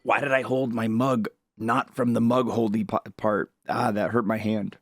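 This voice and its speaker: A man's voice: fairly low pitch, little pitch movement, moderate pace, no echo, faint music behind. A young adult man streaming a game, chatting casually and rambling as he answers his chat. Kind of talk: casual live-stream chat while gaming. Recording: background noise with mouse clicks.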